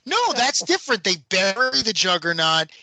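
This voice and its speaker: A man's voice: expressive, moderate pace, sharp tone. A man co-hosting a comics podcast, talking in casual chat with incredulous exasperation that pushes his voice up. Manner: incredulous, jumps way up in pitch when exasperated. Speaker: podcast co-host.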